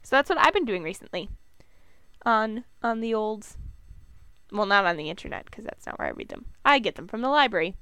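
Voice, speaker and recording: A woman's voice: medium pitch, expressive, a little fast, sharp tone, smooth, no room sound. Chatty Minnesotan woman podcaster. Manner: chatty, rambling, giggly. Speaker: podcast co-host. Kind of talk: casual chat.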